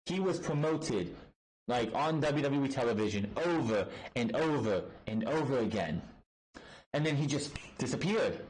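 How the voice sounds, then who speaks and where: A man's voice: medium pitch, expressive, normal speed, darkish tone, a little hiss or hum, rough recording. A man casually recapping and reviewing a wrestling show, blunt and rambling, swearing freely and restarting his sentences often.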